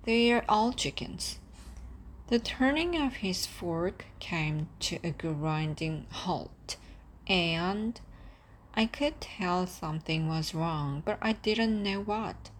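A woman reading a first-person story aloud with calm, steady storytelling. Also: fairly low pitch, takes it slowly, a little hiss or hum. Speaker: audiobook narrator. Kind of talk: first-person audiobook narration.

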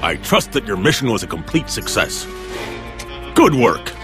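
Low, animated cartoon spymaster; brisk orders over guitar music. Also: male voice. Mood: commanding. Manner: brisk, commanding briefing tone. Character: gruff middle-aged male spy chief giving briefings.

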